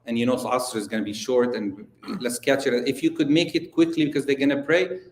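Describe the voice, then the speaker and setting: A kind, soft-spoken man urges gently in a lowered voice, as a preacher acts him out. Roomy echo around him. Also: steady tone, fairly quick, lightly acted. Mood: gentle. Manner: soft, courteous.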